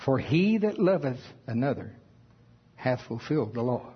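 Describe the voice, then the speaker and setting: A man's voice: medium pitch, sing-song, normal speed, husky, lo-fi sound. A man preaching a sermon with emphasis, reading scripture aloud in old wording. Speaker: pastor.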